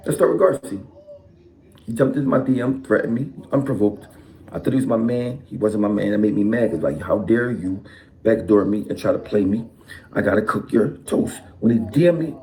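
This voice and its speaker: A man's voice: lowish voice, dark tone. A man ranting to camera about his feuds, defiant and explaining himself, tagging lines with "okay". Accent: Philadelphia. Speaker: rapper in a clip. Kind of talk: direct-to-camera rant.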